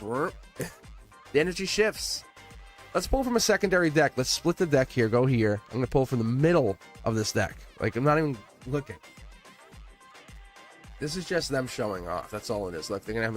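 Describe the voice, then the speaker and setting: A man at a medium pitch hosts a live tarot reading, talking to his viewers in a loose, chatty way. He laughs often and swings from bursts of excitement down to a low murmur. Faint music plays behind him. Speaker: tarot reader.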